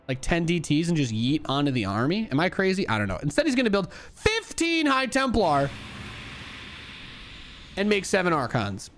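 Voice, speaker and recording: A young man giving casual, joking commentary on an esports replay as a streamer. He swings between hype and dry asides. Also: high-pitched. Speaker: streamer and caster.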